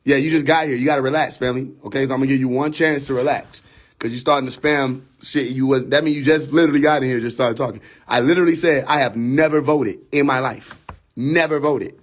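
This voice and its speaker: A man's voice: medium pitch, quick pace. A man hosting a livestream, ranting casually with heavy profanity and frequent laughter, talking into a phone. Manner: profane, laughs often, animated. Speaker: livestream host.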